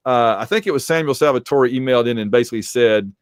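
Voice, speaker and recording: A man's voice: medium pitch, fast, clear, resonant tone, no room sound, clean studio sound. A man co-hosting a casual podcast and reading supporter names, joking and teasing, his voice getting worn. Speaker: podcast co-host.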